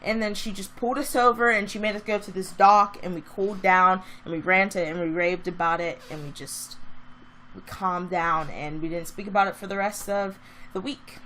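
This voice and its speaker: Woman, vlogger, casual storytelling, chatty, fired-up rant, mid pitch. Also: normal speed, a little hiss or hum. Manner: chatty, animated storytelling that drifts into a heated rant.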